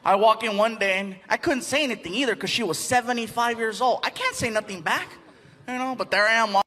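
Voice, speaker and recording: A middle-aged man doing stand-up comedy, telling stories in an animated way and acting out other people's voices. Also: sits high, fairly quick.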